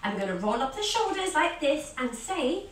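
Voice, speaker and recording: A woman leading a children's yoga class as a story, giving animated, sing-song encouragement. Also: sits high, normal speed, distant mic, a little hiss or hum. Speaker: kids yoga teacher. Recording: echoey room, voice off-mic.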